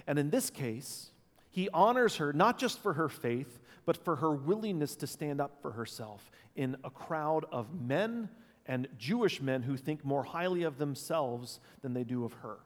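A man preaching a sermon as pastor, thoughtful and unscripted, pausing with fillers and restarts. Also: medium pitch. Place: church sanctuary. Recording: long church reverb.

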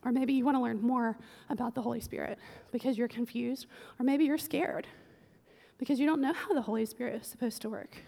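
A woman preaching a casual, humorous sermon, chatty with quick joking asides. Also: fairly high pitch, gravelly, dark tone. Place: church sanctuary. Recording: long church-hall reverb.

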